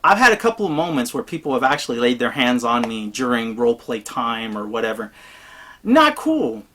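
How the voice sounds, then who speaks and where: A gamer talks through tabletop role-playing advice in an unscripted monologue. The delivery is blunt and emphatic, and it wanders from point to point. The voice sits at an ordinary middle pitch. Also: fast talker, bright, forceful tone.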